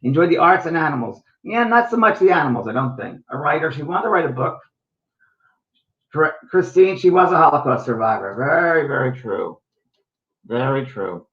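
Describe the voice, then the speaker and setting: A man's voice: fairly high pitch, expressive, normal speed. A middle-aged man hosting as a psychic medium, reading viewer comments aloud and affirming them in a chatty way before telling a story. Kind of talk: live stream reading comments. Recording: echoey, distant, dull sound.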